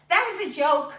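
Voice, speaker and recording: A fitness instructor leads an exercise class, giving step-by-step cues and cracking jokes in between. Her voice is high-pitched, bright and forceful, and the recording has an echoey room with the mic far away.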